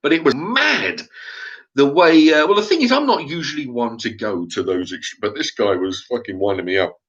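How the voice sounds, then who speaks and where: Man for a vlog rant: bright, lively delivery, blunt and sweary, slightly lo-fi sound. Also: medium pitch, normal speed. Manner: animated, blunt, swears freely. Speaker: channel host. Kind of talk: casual storytelling monologue. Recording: dull lo-fi recording.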